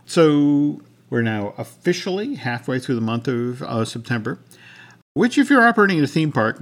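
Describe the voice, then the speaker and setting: A man co-hosting a podcast, talking casually and reading news and sponsor copy. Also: medium pitch. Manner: conversational, many restarts, reads sponsor copy. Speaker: podcast co-host.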